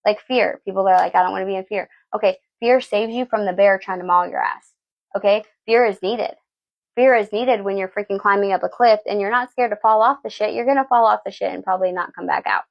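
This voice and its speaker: A woman's voice: medium pitch, a little fast, vocal fry, dull audio. A woman giving a tarot reading, blunt and preachy, swearing freely and asking "okay?" again and again. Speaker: tarot reader. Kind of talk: live tarot reading talk.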